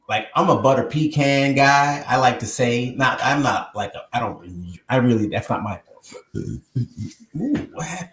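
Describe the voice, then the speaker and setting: A man's voice: mid-range voice, measured pace, roomy sound. A man hosting a live online show from his home on a new microphone, talking casually and rambling straight to his viewers. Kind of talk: casual live-stream chat.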